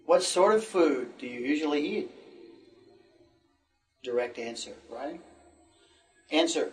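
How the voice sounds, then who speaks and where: A man's voice: a little high, animated, a little slow, long pauses, recorded from a distance, soft background music, poor audio. A middle-aged American man teaching an English lesson, patiently repeating phrases for the learners. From United States. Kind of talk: classroom lesson.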